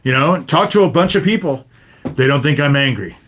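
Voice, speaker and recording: A man's voice: fairly high pitch, animated, a little fast, fairly bright tone, a little hiss or hum. Swearing fifty-something man ranting on a livestream. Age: 50s. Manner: swears constantly, addresses viewers directly, repeats "you know?". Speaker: livestream host. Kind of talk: profane livestream rant to chat.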